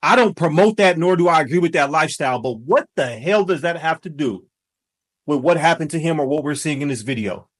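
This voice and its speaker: High-voiced man giving impassioned commentary. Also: lively intonation, brisk. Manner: preachy, emphatic, rising to shouts. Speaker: commentary host.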